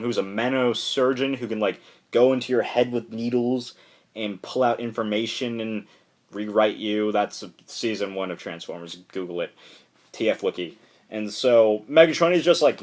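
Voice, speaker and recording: A man with a fairly low voice talks through a comic book issue in a casual, unscripted way. He sounds excited and rambles, stacking "like"s and restarting sentences as he goes. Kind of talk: casual enthusiastic plot recap.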